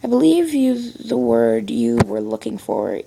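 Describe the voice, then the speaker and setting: A sly talking tomcat purrs his lines with a French accent, soft and teasing, as a woman reading a fan story puts him on. The voice has a gravelly edge. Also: on the high side, wildly swooping pitch, a little slow, background noise, exaggerated voice. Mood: smug purring. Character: flirty male talking cat, smug and sly.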